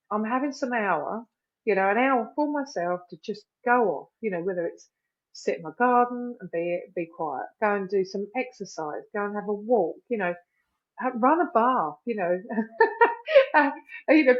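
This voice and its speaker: A middle-aged woman talking candidly as a podcast guest, animated and full of "you know" fillers, acting out little quoted phrases. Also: mid-range voice, dull audio.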